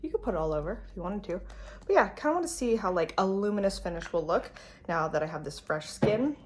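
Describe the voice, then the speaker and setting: A woman's voice: mid-range voice, expressive, fast talker. A woman in her late thirties talking casually to camera in a vlog, chatty and loose, with lots of "like" and "um". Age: late 30s. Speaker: beauty vlogger.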